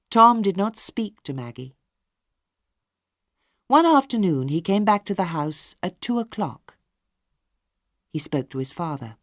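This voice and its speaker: Slow, deliberate woman narrator. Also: on the low side, dry recording, clean studio sound. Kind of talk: slow graded-reader audiobook narration.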